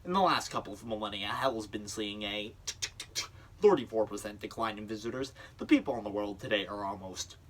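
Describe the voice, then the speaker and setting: A young man voicing a low, matter-of-fact male demon henchman giving a report. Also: fairly quick, fairly bright tone. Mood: briefing.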